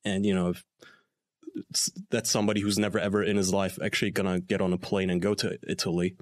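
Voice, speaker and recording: A man's voice: low-pitched, flat delivery, quick pace. A man from Turkey, co-hosting a podcast, talks in a sarcastic, joking way and swears freely. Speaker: podcast co-host. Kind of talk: casual chat.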